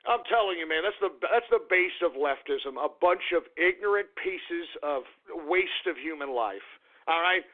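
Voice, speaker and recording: A man's voice: a little high, expressive, normal speed. A man hosting a talk radio show, ranting angrily at listeners and repeating himself as he builds up steam. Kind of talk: political talk radio rant. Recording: phone-like lo-fi radio audio.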